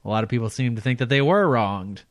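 A man's voice: medium pitch, animated, quick pace, dry recording, clean studio sound. A man with an ordinary mid-range voice, co-hosting a podcast. He trades blunt, joking remarks in loose, casual chat. His tone stays conversational throughout. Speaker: podcast co-host.

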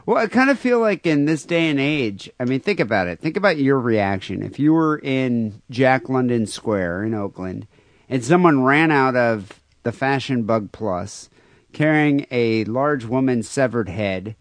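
A male podcast host with a middle-pitched voice, talking loosely and crudely and stopping often on "uh." The sound is dry and close to the mic. It is casual chat between friends. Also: lively intonation, unhurried, no room sound. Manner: rambling, many fillers, crude humor. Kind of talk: casual podcast chat, reading listener mail.

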